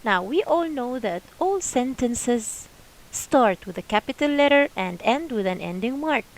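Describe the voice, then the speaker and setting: A woman English teacher giving a lesson, speaking slowly and repeating questions and examples. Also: on the high side, animated, low-quality recording. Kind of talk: classroom lesson.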